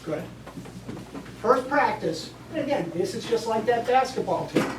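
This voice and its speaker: A woman's voice: fairly high pitch, lively intonation, measured pace, background noise. A woman teacher coaching a classroom through steps, giving directions in an instructive way. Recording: echoey classroom from far off.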